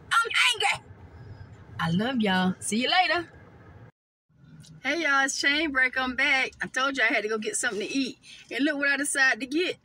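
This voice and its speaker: High bright-voiced woman chatting. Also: a little hiss or hum, low-quality recording. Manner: chatty, addresses viewers as y'all and honey. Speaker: vlogger. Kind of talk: casual mukbang vlog chat. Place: parked car.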